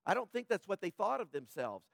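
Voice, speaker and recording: A man with a high, slightly rough voice preaches to his congregation. He stays conversational, drifting into joking asides. The sound is dry and close, with no room around it. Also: big pitch swings, brisk, dry recording. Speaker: pastor. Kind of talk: sermon.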